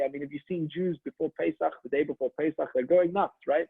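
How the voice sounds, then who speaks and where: A rabbi telling a story in a chatty, animated sermon over a video call. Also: male voice, fairly high pitch, quick pace, gravelly, few pauses, breathy edge, dry recording. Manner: animated, chatty, many restarts. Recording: dry tinny phone-like line.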